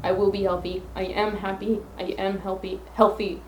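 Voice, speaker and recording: A woman's voice: medium pitch, little pitch movement, normal speed, a little mellow, echoey room, slight background noise, poor audio. Earnest woman podcasting on her phone. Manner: earnest, rambling with self-affirmations. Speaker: podcast host. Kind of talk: solo podcast monologue.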